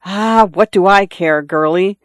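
A man's voice: sits high, a little slow, no echo, clean studio sound. A man reading an audiobook, voicing a doting, shameless middle-aged father with a jovial, teasing manner.

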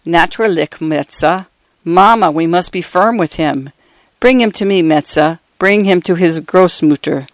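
A woman's voice: fairly low pitch, a little slow, dry recording. A woman voicing a stern old grandmother who speaks firmly, dropping in German words. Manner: firm, commanding, German-flavored words.

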